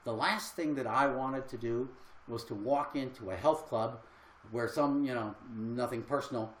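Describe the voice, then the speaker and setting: A man's voice: medium pitch, moderate pace, roomy sound, a little hiss or hum, poor audio. An older man and health coach talking casually on a livestream, earnest and rambling with fillers.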